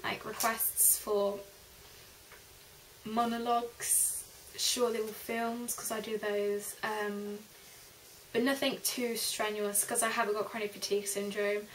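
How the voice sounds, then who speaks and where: A woman's voice: mid-range voice, level tone, takes it slowly, slight background noise, rough recording. A young woman vlogging at home, chatty and rambling with lots of fillers. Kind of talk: casual vlog chat.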